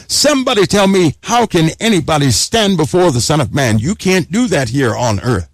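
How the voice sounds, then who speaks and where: A man's voice: fairly high pitch, big pitch swings, normal speed, hardly any pauses, no echo, studio quality. A man preaching an urgent sermon, exhorting listeners and repeating phrases for emphasis.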